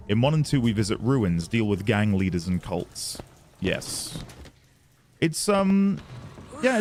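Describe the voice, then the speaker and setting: A man's voice: on the low side, darkish tone, slight background noise. Chatty male game streamer. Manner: chatty, reads chat and game text aloud. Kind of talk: casual gaming commentary.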